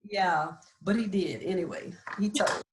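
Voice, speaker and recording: A woman's voice: lowish voice, a little slow, noisy background. A woman in her forties, a nurse practitioner, earnestly explaining and sharing her own story, often checking in with "right?". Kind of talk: candid personal storytelling. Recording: roomy echo.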